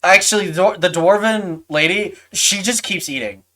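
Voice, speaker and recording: A woman running a tabletop game, narrating in a halting way with frequent restarts. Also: on the low side, pushed and bright. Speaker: game master.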